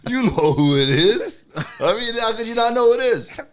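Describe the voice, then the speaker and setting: A man's voice: extremely high pitch, animated, moderate pace, noisy background. A man co-hosting a comedy podcast in laid-back, casual chat.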